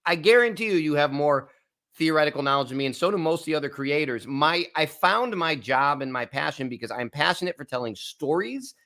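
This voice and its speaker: American male podcast host, middle pitch, crisp bright tone, reflective and warm-humored chat. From United States. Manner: earnest, reflective, laughs easily. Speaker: wine channel host. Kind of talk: casual podcast conversation.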